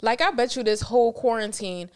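Female podcast host, smooth clear voice, blunt and outspoken in relaxed chat. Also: a little high, a little fast. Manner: blunt, outspoken, swears freely. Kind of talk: casual chat.

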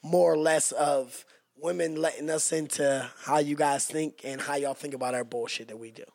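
A man's voice: a little high, fairly even intonation, normal speed, creaky, a little mellow, no room sound, clean studio sound. Profane, jokey male podcast guest. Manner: loose and profane, jumps into playful bits. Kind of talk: casual podcast chat.

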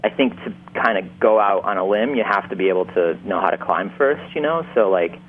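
A man from Upstate New York talks shop as an interview guest, easygoing and full of "like" and restarts. His voice sits a little low, and it comes through a thin, phone-like line. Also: expressive, a little fast. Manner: laid-back, many "like" fillers and restarts. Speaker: winemaker guest. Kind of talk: casual interview chat.

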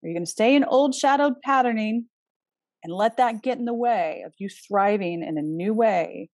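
A woman's voice: medium pitch, normal speed, no echo, studio quality. Earnest woman with emphatic questions. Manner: earnest, emphatic, with frank swearing; lively rhetorical questions. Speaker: astrology speaker. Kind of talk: casual spoken talk.

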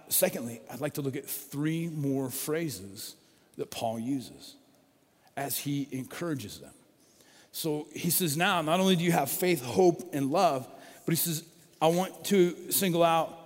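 A middle-aged man preaches a sermon in a chatty, conversational way, leaning hard on repeated key phrases. His voice sits slightly high for a man. The sound carries the long reverb of a large hall. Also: darkish tone. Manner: conversational preaching, rising to emphatic stresses. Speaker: pastor.

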